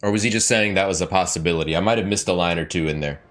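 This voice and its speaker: A man's voice: low voice, racing, a bit bright. A man streaming a game, reading lines aloud and adding casual, profane, joking asides. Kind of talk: let's play commentary.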